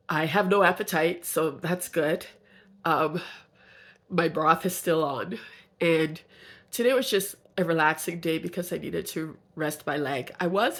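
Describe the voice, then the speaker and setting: A woman vlogger recording a video journal, reflective and earnest, her voice raspy and congested with a cold. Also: low voice.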